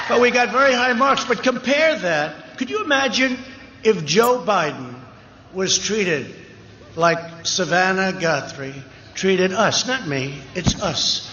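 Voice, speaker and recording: A man's voice: sits high, lively intonation, unhurried, highs cut off, noisy background. A man giving an off-the-cuff speech at a large outdoor rally, emphatic and repetitive, with rambling asides. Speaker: political rally speaker. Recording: echoey PA sound at a rally, cheering crowd behind. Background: crowd cheering.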